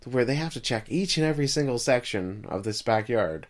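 A man with a middle-pitched voice co-hosts a casual podcast. He walks through the episode's plot step by step, then turns to his co-host with questions. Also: animated, a little fast. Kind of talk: casual recap chat.

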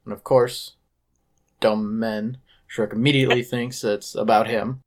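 A man chatting casually on a podcast, retelling a stage musical's story with animated asides and quick impressions of the characters. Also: lowish voice. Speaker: podcast host. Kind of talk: casual chat recapping a musical.

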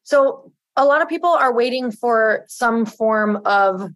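A woman's voice: on the high side, lively intonation, slow pace, no echo. A woman co-hosting an interview, asking the guest an engaged question. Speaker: podcast co-host.

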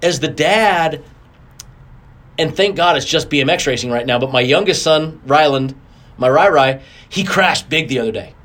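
A middle-aged man talking as a racing guest in a relaxed interview, his voice sitting a little high for a man. He tells stories with lots of animation, leaping up in pitch whenever he acts out what someone said. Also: normal speed. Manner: animated, acts out quotes with big pitch jumps. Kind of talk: casual interview storytelling.

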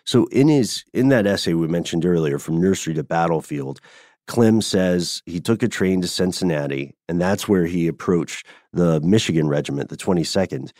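A man's voice: sits low, normal speed, a little mellow, no room sound, studio quality. A man co-hosting a podcast, telling a history story in a conversational, playful way. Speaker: podcast co-host. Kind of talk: casual chat.

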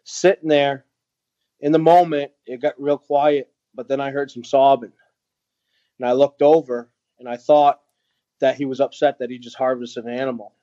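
A man telling a heartfelt story as a podcast guest, earnest and halting with many fillers. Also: mid-range voice, steady tone, warm tone, dry recording, dull audio. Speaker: guest, veteran nonprofit founder.

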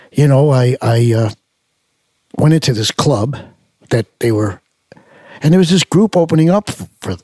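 A man's voice: mid-range voice, a little mellow, no echo, clean studio sound. An older man, a musician being interviewed, telling stories in a loose, rambling way with many fillers and restarts. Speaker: musician guest. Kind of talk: casual storytelling interview.

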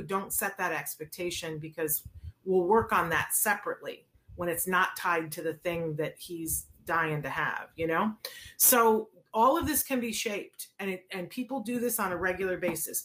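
A woman's voice: fairly low pitch, normal speed, fairly bright tone. A woman hosting a live stream, answering viewer questions with direct, emphatic coaching and rhetorical questions, sometimes acting out little scenes with a child.

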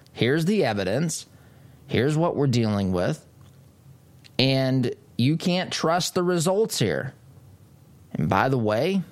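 A man hosting a political talk radio show, delivering an emphatic monologue with mocking asides. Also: mid-range voice. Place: studio.

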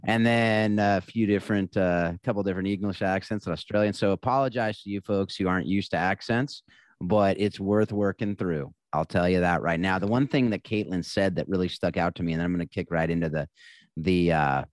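A man co-hosting a podcast, talking in a relaxed, conversational way and going quieter when he reflects. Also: deep voice, a little fast, no echo. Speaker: podcast co-host. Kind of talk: casual podcast chat.

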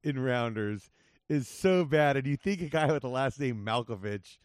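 A man's voice: mid-range voice, lively intonation, normal speed, smooth, no echo, clean studio sound. A man hosting a casual podcast, talking loosely with plenty of fillers and laughs. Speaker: podcast host.

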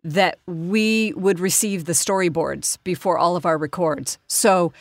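A woman's voice: on the low side, measured pace, no room sound, studio quality. A woman voice actress, a guest in a casual interview, bubbly and laughing often as she talks about her work.

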